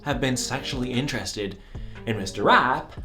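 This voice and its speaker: A man's voice: mid-range voice, normal speed, bright, forceful tone, soft background music, lightly acted. A man playing a sassy gossip reporter. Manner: sassy, teasing, giggly. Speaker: entertainment news correspondent.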